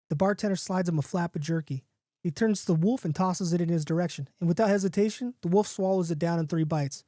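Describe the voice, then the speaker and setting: A man telling his own campfire-style story in a loose, animated podcast manner. His voice is mellow and dark, recorded close and dry with no room echo. He jumps higher when characters get excited. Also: quick pace.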